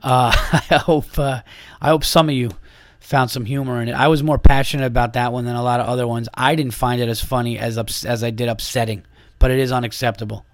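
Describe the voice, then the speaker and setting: A man's voice: mid-range voice, steady tone, brisk, no room sound. A man hosting a podcast, delivering an exasperated, profane monologue in a casual ranting way. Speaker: podcast host and comedian.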